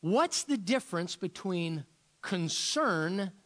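Animated pastor preaching with swooping pitch. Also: male voice, slow pace. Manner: animated, many rhetorical questions, repeats words while searching. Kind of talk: sermon.

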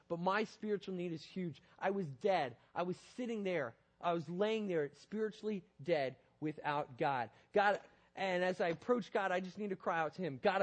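A man preaching a sermon, earnest, moving between loud urgent appeals and quiet, hushed prayer. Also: sits high. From Northern Virginia, USA.

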